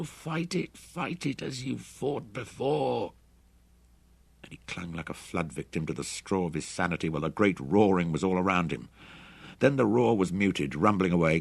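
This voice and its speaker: Deep, husky male audiobook narrator. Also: no room sound. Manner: dramatic, expressive reading. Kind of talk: scripted narration.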